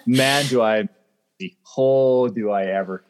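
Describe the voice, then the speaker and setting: A man's voice: medium pitch, slow pace, clean tone. A man from Canada, an actor, chatting as a guest over a video call in a playful way, laughing and restarting often. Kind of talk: casual interview chat.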